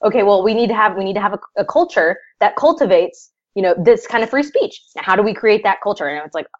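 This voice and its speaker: A young adult woman, a guest in an interview, telling her story in a casual, animated way with laughing asides. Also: medium pitch, quick pace, muffled recording.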